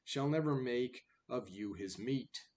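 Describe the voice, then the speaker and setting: A man voicing a flattering cat that sweet-talks and pleads to be let free. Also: medium pitch, slow, a little hiss or hum, pitched above the performer's own voice. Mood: fawning. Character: fawning, flattering cat begging a rat.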